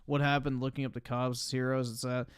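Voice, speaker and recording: A man's voice: mid-range voice, little pitch movement, fast talker, smooth, no echo, studio quality. A man giving casual live-stream commentary as he reacts to videos, with blunt, profane, offhand opinions.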